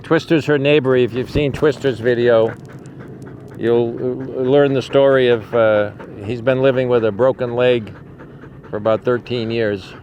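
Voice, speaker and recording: A man's voice: medium pitch, steady tone, unhurried, a little mellow, muffled recording, a little hiss or hum. A man who rescues animals, talking casually and affectionately to dogs at an outdoor sanctuary. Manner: coaxing, affectionate baby talk to dogs. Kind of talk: casual talk to dogs and camera.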